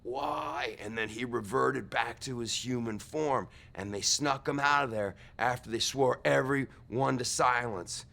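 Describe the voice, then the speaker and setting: Young man, mock witness, comedy sketch, rambling storyteller, gravelly, tense. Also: medium pitch, unhurried, few pauses. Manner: rambling, excitable, acts out shouted quotes.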